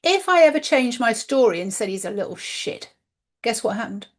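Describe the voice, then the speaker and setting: A woman's voice: fairly high pitch, expressive, normal speed. A woman, the host of a spiritual channel, telling a personal story in a chatty, candid way with some mild swearing.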